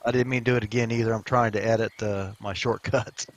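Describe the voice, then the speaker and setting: A man's voice: lowish voice, fairly even intonation, quick pace. A man playing in a tabletop game, chatting casually and joking, often stumbling over his words. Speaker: player.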